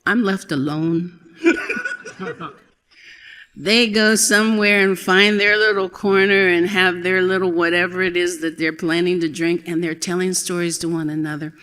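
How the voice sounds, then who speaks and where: A woman's voice: lowish voice, measured pace, a bit bright. A woman storyteller chatting on stage in a wry, teasing way. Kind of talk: casual stage banter. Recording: long hall reverb.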